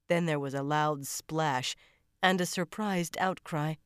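Low-voiced woman narrating a tense thriller. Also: takes it slowly, clear, resonant tone, no echo, studio quality. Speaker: audiobook narrator. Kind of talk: first-person audiobook narration.

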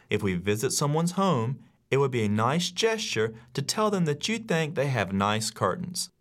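Male teacher-narrator, mid-pitched, very animated delivery, clear instructive audiobook read. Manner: measured, instructive, acts out quoted lines. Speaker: teacher reading his own classroom rules.

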